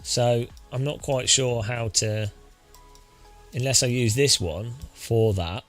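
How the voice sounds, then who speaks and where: A man's voice: mid-range voice, slow pace, a bit bright, soft background music. Rueful man counting into a mic. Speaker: streamer. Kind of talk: live stream mic testing. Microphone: close studio microphone.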